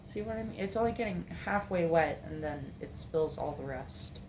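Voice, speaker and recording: A woman's voice: low-pitched, animated, moderate pace, noisy background. A young woman with a light Appalachian accent, chatting casually and matter-of-factly in a home vlog, thinking aloud as she goes. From New Jersey, raised in North Carolina and Virginia. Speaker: makeup vlogger. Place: home room.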